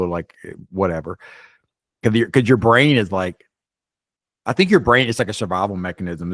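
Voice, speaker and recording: A man's voice: low voice, no echo, studio quality. A man co-hosting a podcast, telling a story animatedly, often restarting his sentences. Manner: animated, restarts, rises sharply when quoting. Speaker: podcast co-host. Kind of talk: casual storytelling chat.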